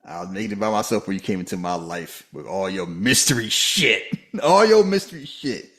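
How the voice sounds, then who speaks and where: A man co-hosting a casual movie-review podcast, joking and animated, often slipping into mock voices. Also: brisk, echoey room. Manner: animated, jokey, slips into high-pitched mock voices. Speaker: podcast co-host.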